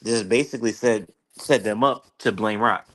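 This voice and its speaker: A man's voice: fairly low pitch, moderate pace, a bit bright. A man co-hosting a casual reaction chat, laying out his reasoning bluntly and matter-of-factly. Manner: lays out long reasoning, blunt and matter-of-fact. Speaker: reaction show co-host.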